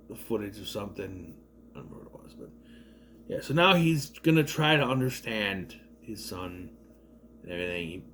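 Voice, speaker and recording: A man casually retelling and reviewing a movie in a rambling, animated way with lots of fillers. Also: medium pitch, slight background noise. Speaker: video reviewer.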